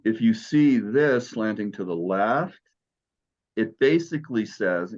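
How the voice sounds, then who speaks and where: A man's voice: on the low side, animated, slow, darkish tone, dull audio. A man teaching Greek in an online class, patient and encouraging as he explains step by step.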